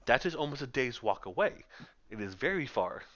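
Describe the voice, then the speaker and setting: A man voicing a polite, cautious young male goblin in a squeaky, formal voice, heard over muffled voice-chat audio. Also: sing-song, brisk, a bit bright. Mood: helpful. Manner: formal, courteous.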